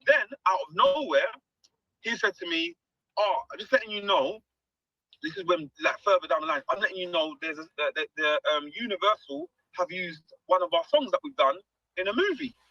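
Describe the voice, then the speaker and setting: A man tells stories in a lively, swooping, high voice, acting out every quoted line. His tone is bright and sharp. The recording is dry and dull, with a lo-fi edge. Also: normal speed, no echo. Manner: animated, acts out quoted dialogue. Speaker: guest musician. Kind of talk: storytelling interview.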